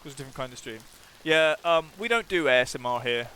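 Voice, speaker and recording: Bright, chatty man streaming a game. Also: medium pitch, expressive, quick pace, slight background noise. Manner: chatty, playful, restarts and stammers. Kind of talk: casual gameplay chat, reading game text aloud.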